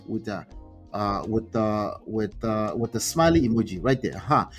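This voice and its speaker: A man's voice: medium pitch, lively intonation, moderate pace, soft background music. Chatty man hosting commentary. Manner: chatty, reads out posts and reacts with asides. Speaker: relationship commentary host. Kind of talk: casual live-stream commentary.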